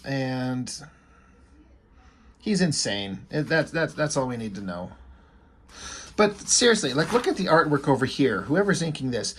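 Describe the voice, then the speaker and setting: A man's voice: mid-range voice, slight background noise. A man giving casual, rambling, joking commentary as he reviews a comic book. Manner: rambling, joking, often breaks into laughter.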